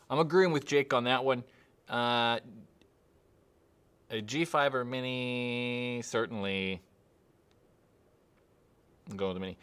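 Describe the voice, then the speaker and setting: A man's voice: mid-range voice, smooth. A young man hosting a live stream and answering chat questions casually, rambling and hesitant, with many fillers.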